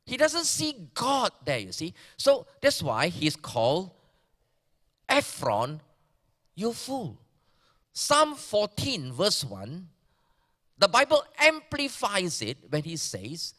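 Animated Malaysian preacher in an echoing hall. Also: male voice, sits high, takes it slowly. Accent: Malaysian English. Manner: animated preaching, swinging from loud emphasis to hushed near-whispers. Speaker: pastor. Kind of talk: sermon. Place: large church hall. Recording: church hall reverb.

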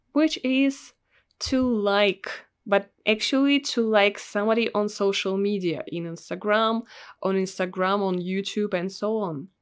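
A young woman with a Russian accent teaching a language lesson, patient and repeating each word slowly. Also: mid-range voice, clean tone. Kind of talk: slow, clear language lesson.

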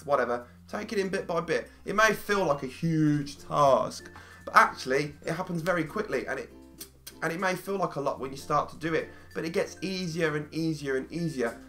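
A man's voice: mid-range voice, fairly bright tone. Chatty man with jumpy emphasis. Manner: chatty, jumpy emphasis, restarts mid-sentence. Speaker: vlogger. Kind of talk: casual explanatory vlog.

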